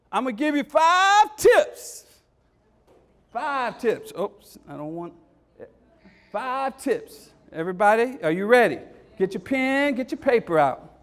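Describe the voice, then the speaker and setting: An education speaker with a very high male voice rallies parents in an energetic, motivational workshop. He uses call-and-response, repeats phrases, and keeps asking "Hello?"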